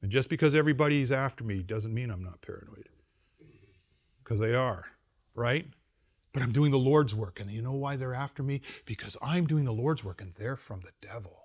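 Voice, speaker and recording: A middle-aged man, a pastor giving a conference address to seminary students, animated and wry, swinging between loud emphasis and quiet asides. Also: medium pitch, normal speed. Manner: wry humor and acted-out quotes. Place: seminary campus lecture.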